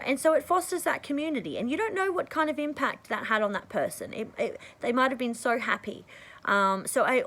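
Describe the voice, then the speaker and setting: A woman vlogger giving casual advice to the camera, rambling and chatty, often clearing her throat. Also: low-quality recording. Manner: bursts into high excited tones when acting out conversations.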